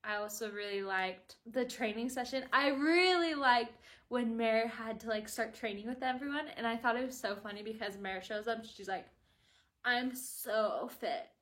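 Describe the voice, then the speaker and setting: Gushing, high-voiced woman reviewing a book. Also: moderate pace, hardly any pauses, a bit bright. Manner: gushing and chatty, with constant "like" fillers. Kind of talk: casual video review.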